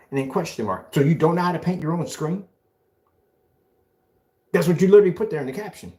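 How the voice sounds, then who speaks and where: A man's voice: on the high side, fast talker, long pauses, warm tone. A man mocking a rival in a ranting callout video, sarcastic, taunting, and repeating phrases back at him. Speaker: video blogger.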